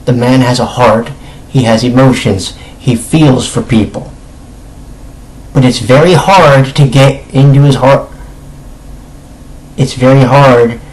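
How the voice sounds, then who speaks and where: Slightly hoarse man chatting through a review. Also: mid-range voice, a little mellow, poor audio. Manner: chatty and emphatic, with frequent self-corrections. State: slightly hoarse, clearing his throat. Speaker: anime reviewer. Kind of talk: casual spoken video review.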